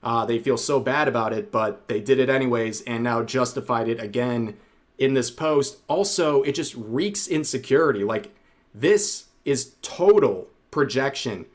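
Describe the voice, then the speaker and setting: A man narrating a scripted commentary video in a measured, wry tone. His voice sits at a middle pitch and the delivery stays even and composed. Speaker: youtube commentator.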